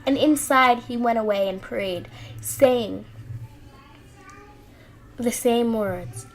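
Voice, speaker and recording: A woman reading scripture aloud in an earnest, steady way, with small restarts. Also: on the high side, slight background noise, rough recording. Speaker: Bible reader.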